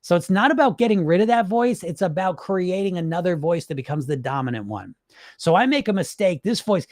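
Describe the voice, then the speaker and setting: An emphatic man with a fairly high voice, talking straight to his viewers in a loose, chatty way. He punctuates points with quick questions. The sound is dry and close. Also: lively intonation, darkish tone, dry recording. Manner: conversational, emphatic, frequent "right?" and "folks". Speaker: hypnotist and weight-loss coach. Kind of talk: casual direct-to-camera talk.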